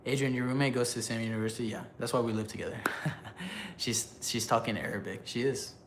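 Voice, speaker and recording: A man's voice: medium pitch, fairly even intonation, a little hiss or hum. A man casually chatting on a live stream, reading chat aloud, loose and joking, laughing often. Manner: halting when he switches languages.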